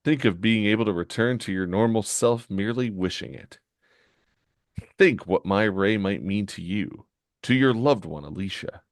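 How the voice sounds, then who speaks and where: A man voicing a scheming, gloating male comic villain, smug and measured, in a low voice. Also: dry recording, studio quality, lightly acted. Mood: persuasive.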